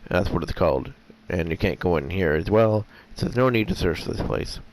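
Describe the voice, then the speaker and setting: A man giving rambling, hesitant commentary on a game he plays, often clearing his throat as his voice gets rough. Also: low voice, animated, normal speed, slight background noise. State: voice getting rough. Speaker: gameplay commentator. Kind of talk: casual let's-play commentary.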